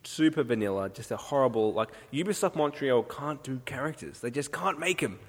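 A man's voice: mid-range voice, animated, fairly quick, slightly rough. An Australian man co-hosting a casual gaming chat, blunt and joking as he gives his opinions. His voice sits in a mid register, and the room adds a long reverb tail. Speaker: podcast co-host.

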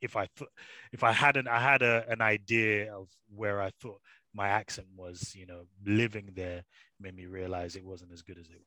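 A lively man from England with a British accent tells a story as a guest on a chat show. His voice sits a little low but sounds bright and forceful, and he leans on filler phrases as he goes. The sound is dry and close. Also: moderate pace, no room sound. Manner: lively storyteller, many "you know" fillers. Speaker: actor, podcast guest. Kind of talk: animated anecdote telling.

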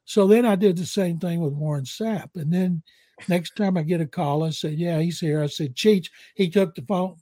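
An older man with a Southern accent and a slightly high-set voice tells stories in a loose, rambling way. He gives his football takes bluntly. The sound is close and dry. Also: moderate pace, mellow, no echo. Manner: rambling anecdotal, blunt opinions. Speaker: veteran NFL writer, guest. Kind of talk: casual storytelling and football analysis.

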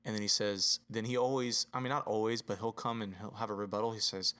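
A man, a father, talking earnestly and relaxed in a casual podcast chat, leaning on "you know". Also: lowish voice, quick pace, few pauses, smooth.

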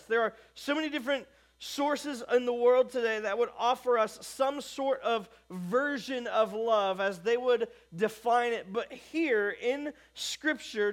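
Slow, emphatic high-voiced male preacher. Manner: quiet, hushed prayer. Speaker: pastor. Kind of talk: sermon.

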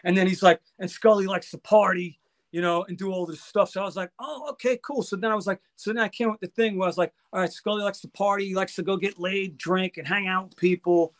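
A man guest in a casual chat, telling a story excitedly and acting out the dialogue. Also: high voice, fast. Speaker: guest musician.

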